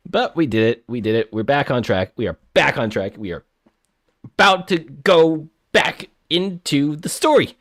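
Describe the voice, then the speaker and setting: Playing a story game on a live stream, this man reads the narration aloud and chats with his audience, often flustered and repeating himself. His medium-pitched voice is expressive and fairly bright, delivered at a moderate pace.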